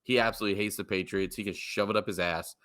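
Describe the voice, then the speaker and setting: Young man, podcast co-host, lowish voice, angry profane rant, stammering. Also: fairly even intonation, fast talker, a bit bright. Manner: heated, profane, stammering restarts. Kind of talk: casual sports rant.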